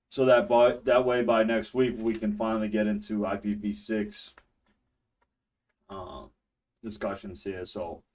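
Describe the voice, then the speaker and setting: A man's voice: mid-range voice, a little mellow, far from the mic. A man hosting a casual study stream from home, chatty and loose, laughing and restarting his sentences as he talks. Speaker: streamer teaching a networking course.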